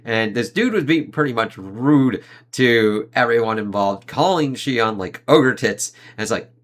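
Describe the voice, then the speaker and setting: A man giving a casual, loose review of an anime season, swearing freely and leaning on fillers like "like" and "uh", with quick impressions of the characters he talks about. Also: mid-range voice, expressive, a bit bright. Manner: rambling, profane, heavy on fillers like "like" and "uh".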